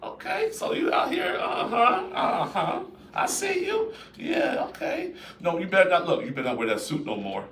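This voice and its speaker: A man's voice: high-pitched, very animated, normal speed, gravelly, fairly bright tone, slight background noise, pitched above the performer's own voice, heavily acted. A man putting on the voice of a jealous, suspicious wife who scolds her husband in an exaggerated, sassy way. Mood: suspicious scolding. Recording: roomy echo, distant mic.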